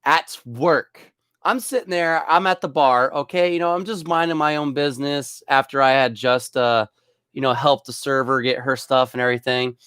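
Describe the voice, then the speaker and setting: A man's voice: mid-range voice, steady tone, normal speed, a bit bright, clear, resonant tone, dry recording, clean studio sound. A young man, a bartender, telling rambling stories from work in a casual way, often chuckling. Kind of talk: casual storytelling.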